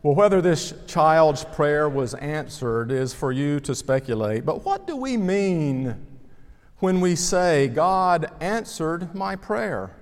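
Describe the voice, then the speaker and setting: A male pastor delivering a measured sermon, reading scripture and praying, letting his phrase ends fall away softly. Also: fairly high pitch, very animated. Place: church sanctuary. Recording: long reverb of a church sanctuary.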